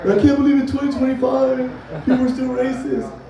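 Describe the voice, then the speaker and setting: A man's voice: very high voice, flat delivery, fairly quick. A man in his forties doing a loose, profane stand-up set, chatting with the crowd between bits. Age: 40s. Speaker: stand-up comic. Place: comedy club stage. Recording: echoey club from far off, crowd laughing. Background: audience laughter.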